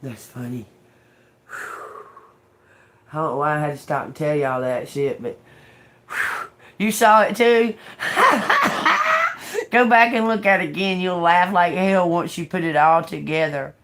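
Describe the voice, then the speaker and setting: A woman's voice: on the low side, very animated, a little slow, long pauses, a bit bright, slight background noise. A woman tarot reader chatting casually to her viewers, laughing through her words, cursing freely and calling them y'all.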